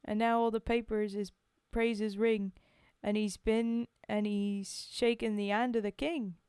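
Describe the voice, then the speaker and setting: A woman voicing a plucky Cockney wartime woman in a dramatic poetry reading, with a rough put-on accent. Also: mid-range voice, flat delivery, measured pace, darkish tone, no room sound, clean studio sound, natural voice. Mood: storytelling. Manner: rough, self-admittedly shaky accent in a sing-song reading.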